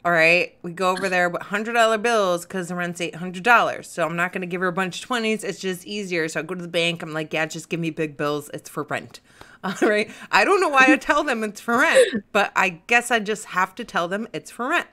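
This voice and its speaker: Bright-voiced chatty woman. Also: fairly low pitch, expressive. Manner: chatty, rambling, quick to laugh. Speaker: podcast host. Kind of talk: casual chat.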